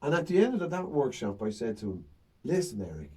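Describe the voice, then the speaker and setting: Lively man, husky and distant. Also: a little high, quick pace. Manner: animated storytelling, acts out crowd banter. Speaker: stand-up comedian. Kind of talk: casual chat.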